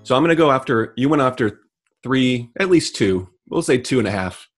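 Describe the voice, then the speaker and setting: A middle-aged man co-hosting a casual comedic chat, delivering deadpan mock rants. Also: medium pitch, a little fast, soft background music. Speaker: podcast co-host.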